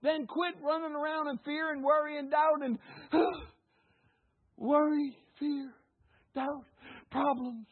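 A man preaching a sermon in an animated way, breaking into shouts and acted-out voices. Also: sits high, unhurried, long pauses, no room sound. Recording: tinny phone-like, dry sound.

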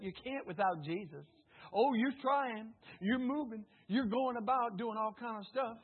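Male preacher, fervent call-and-response sermon, husky voice, tinny phone-line sound. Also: sits high. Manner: swings between loud exclamations and hushed asides. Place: church service.

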